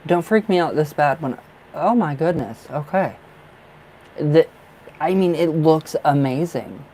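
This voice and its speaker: Excitable rambling man reading tarot. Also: on the high side, unhurried, a little hiss or hum, low-quality recording. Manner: thinks aloud with many restarts and fillers. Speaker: tarot reader. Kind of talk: live-stream tarot reading.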